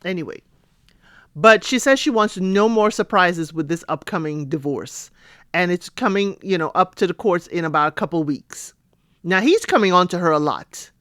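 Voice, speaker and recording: A woman's voice: lowish voice, moderate pace, no echo, clean studio sound. A middle-aged woman hosting a podcast, casually recapping a TV episode, acting out the characters' lines with playful asides. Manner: chatty, animated retelling with playful asides and laughs; acts out characters' lines in quotes.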